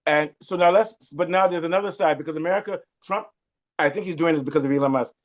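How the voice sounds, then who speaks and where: A fast-talking man hosts a political discussion, pressing his points hard and often checking that his guest follows. His voice sits in a middle pitch, and the recording is muffled and lo-fi. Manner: emphatic, rhetorical questions to guest. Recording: muffled lo-fi sound.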